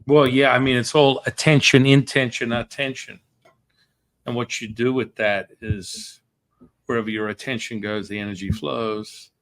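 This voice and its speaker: A man hosting an interview, speaking calmly and reflectively. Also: mid-range voice, moderate pace. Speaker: podcast host. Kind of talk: casual interview chat.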